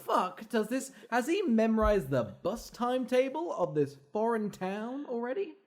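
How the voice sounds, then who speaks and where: A man co-hosting a casual film-review podcast, recapping scenes in an animated, profane way with laughing asides. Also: very high voice, normal speed. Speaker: podcast co-host.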